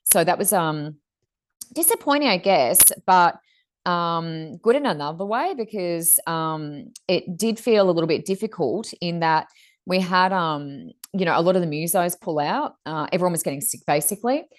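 A woman's voice: on the low side, lively intonation, moderate pace. A woman, co-hosting a casual chat and talking in long rambling runs with fillers. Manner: rambling, chatty, many fillers. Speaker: podcast co-host.

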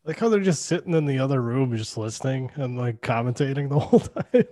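A man co-hosting a podcast, amused and quick to laugh as he chats about a film. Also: medium pitch, expressive, warm tone, no room sound, clean studio sound. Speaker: podcast co-host. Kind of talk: casual movie-breakdown chat.

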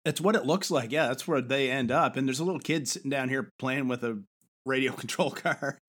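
A man's voice: medium pitch, brisk, a bit bright. A man co-hosting a podcast, casually retelling an episode's plot and laughing often along the way. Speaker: podcast co-host. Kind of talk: casual show recap chat.

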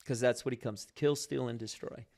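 A man with a mid-range voice talks briskly and casually about prayer and faith. He's an animated storyteller who restarts his sentences often.

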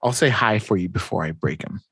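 A man voicing a menacing male crime boss in a casual comic recap, with flat, matter-of-fact threats. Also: lowish voice, fairly quick, slightly rough, dry recording, studio quality, exaggerated voice. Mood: cold.

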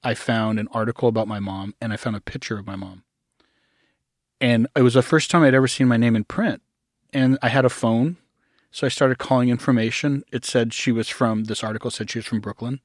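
A middle-aged man in an interview, telling his own story in a halting way, often restarting, sometimes acting out the voices he quotes. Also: medium pitch, steady tone, no echo, clean studio sound. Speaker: guest.

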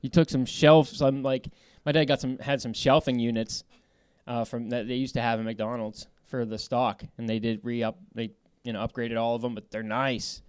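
A man in a casual chat as a podcast guest, telling animated, rambling stories. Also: medium pitch, normal speed, smooth, dry recording, studio quality.

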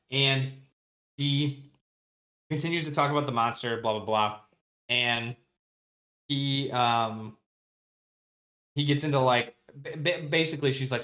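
A man's voice: medium pitch, normal speed, long pauses, a bit bright. A man chatting casually on a podcast, retelling book scenes in a loose, slangy way and briefly voicing the characters' lines. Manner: loose, slangy, with many fillers and restarts. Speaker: podcast co-host. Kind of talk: casual book recap chat.

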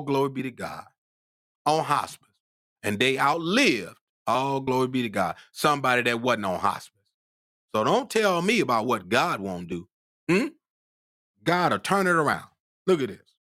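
Fervent preacher man, lively rising pitch. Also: no echo, clean studio sound. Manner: call-and-response "hmm?", rising to fervent shouts; drawls scripture slowly, then climbs in pitch when worked up. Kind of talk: sermon.

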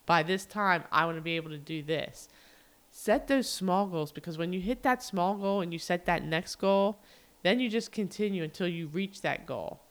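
A woman's voice: lowish voice, animated, normal speed. A middle-aged woman talking casually and earnestly as a podcast co-host, rambling with frequent fillers. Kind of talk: casual heartfelt monologue.

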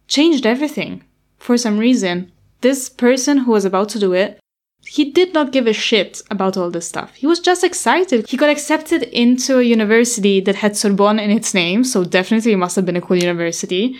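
A woman's voice: fairly high pitch, lively intonation, fairly quick. Young woman telling a candid personal story. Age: young adult. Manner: candid, anxious retelling of past worries.

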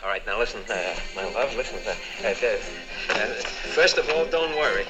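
An actor playing a smooth-talking, paranoid male concert pianist who soothingly and insistently reassures his lover in a 1960s film. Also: fairly low pitch, animated, moderate pace, natural voice, poor audio. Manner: soothing, insistent, repeats "listen". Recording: film soundtrack with music behind.

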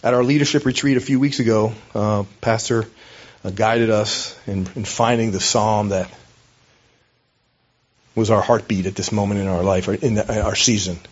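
A man's voice: on the low side, fairly even intonation, normal speed, husky, dull audio. A man preaching a sermon as a pastor, in a conversational, storytelling way with hesitations.

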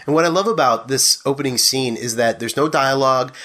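A man's voice: medium pitch, a little fast, pushed and bright. A man hosting a movie podcast in casual chat, with a jokey, mock-earnest, rambling way of talking. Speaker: podcast host.

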